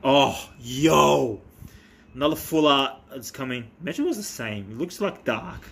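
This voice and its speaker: A man talking casually as a vlogger while opening trading cards, excitable and chatty with quick bursts of delight. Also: mid-range voice, creaky, husky. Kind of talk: casual chat.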